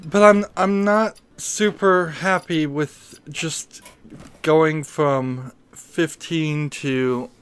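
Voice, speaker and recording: A man's voice: a little high, steady tone, very slow, slight background noise. A man streaming a card game who has just woken up and still has his morning voice, rambling hesitantly as he thinks aloud in casual commentary. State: groggy morning voice, just woke up.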